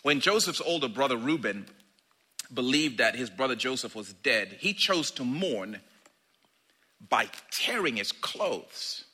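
Lively, husky-voiced male preacher. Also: mid-range voice, a little slow. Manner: animated, conversational preaching with acted-out asides. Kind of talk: sermon.

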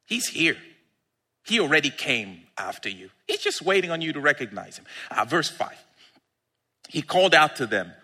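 A man preaching a sermon as pastor, excitable and laughing, with drawn-out emphasis. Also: on the high side, breathy edge, long reverb tail.

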